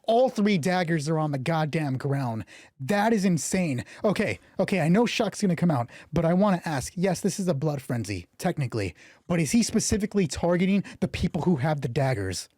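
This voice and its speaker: Excitable guy narrating his solo tabletop game, cussing a lot, husky and kinda hoarse, dry close sound. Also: on the high side, fairly quick, no echo. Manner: excitable, swears freely. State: voice getting hoarse. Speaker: game master.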